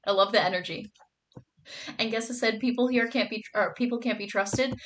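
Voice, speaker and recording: A woman's voice: a little high, brisk, fairly bright tone, a little hiss or hum. A young woman streaming, chatting casually with her viewers and reading their comments aloud, gushing and bubbly, with lots of "like" and "oh my god".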